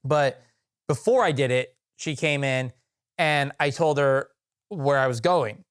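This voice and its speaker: A man's voice: mid-range voice, a little slow, smooth. A young man co-hosting a podcast, telling a work story in a rambling way with many fillers and restarts. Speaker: podcast co-host. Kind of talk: casual storytelling chat.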